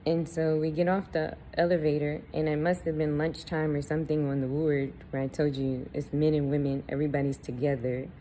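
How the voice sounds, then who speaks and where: A woman's voice: deep voice, flat delivery, brisk, few pauses, dark tone, a little hiss or hum, poor audio. A woman candidly telling a personal story to camera, blunt and swearing freely, with laughs between lines. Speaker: vlogger.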